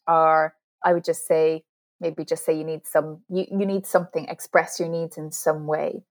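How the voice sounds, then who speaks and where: A woman's voice: low-pitched, level tone, normal speed, a little mellow. A woman author as an interview guest, explaining communication skills earnestly and laughing at herself now and then. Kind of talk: interview conversation.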